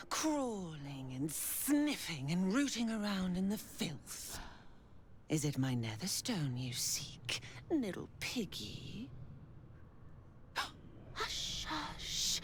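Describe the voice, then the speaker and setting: A cruel female cultist villain from a video game, purring her threats in hissing whispers. She drawls slowly and her pitch slides widely, and a faint hum sits behind her. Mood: taunting. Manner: slow, hissing, lilting whispers. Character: sadistic female cultist villain, menacing and taunting.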